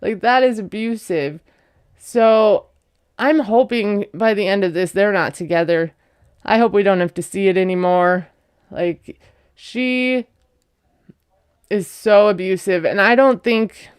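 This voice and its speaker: A woman's voice: mid-range voice, slow pace, pauses often, clean tone, no echo, studio quality. A woman giving a chatty, opinionated recap of a reality show, laughing often as she talks. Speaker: recap vlogger. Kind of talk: casual recap commentary.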